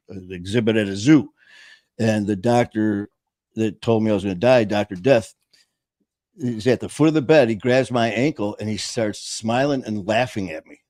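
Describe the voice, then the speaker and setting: Plain-spoken Boston man, low voice. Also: moderate pace, a little mellow, dry recording. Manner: emphatic, plain-spoken, restarts often. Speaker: podcast host. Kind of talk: casual storytelling interview.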